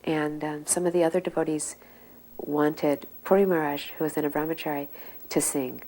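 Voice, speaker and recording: An older woman telling memories in a soft, unhurried way, often pausing to search for words. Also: sits low, steady tone, low-quality recording. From United States. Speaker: interviewee. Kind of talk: reminiscing storytelling.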